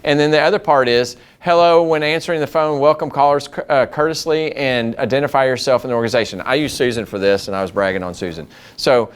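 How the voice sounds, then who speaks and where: A man's voice: medium pitch, fast talker, hardly any pauses, clean tone. A man giving a customer service training talk to school district staff, telling stories and acting out the dialogue in them. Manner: lively storyteller who acts out dialogue.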